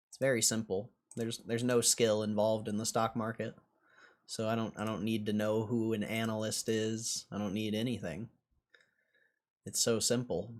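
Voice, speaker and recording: A young man chats on his stock livestream, answering viewers in a sarcastic, laid-back way. His voice sits a little low, and he swears freely and laughs often. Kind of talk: casual livestream chat reading comments.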